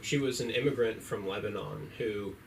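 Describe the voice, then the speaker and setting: A man in his thirties delivers stand-up in a dry tone, with hesitant pauses. His voice is gravelly at a middling pitch and comes from far off the mic, with noise in the room. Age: 30s. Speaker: stand-up comic. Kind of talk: stand-up set.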